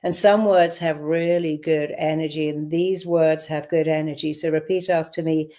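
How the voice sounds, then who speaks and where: Woman, therapist, guided visualization, lowish pitch, firm instructions, repeated affirmations. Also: fairly even intonation, moderate pace, few pauses, mellow. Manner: firm, directive, repeats affirmations for listeners to echo. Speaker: therapist leading a guided exercise. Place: live online event.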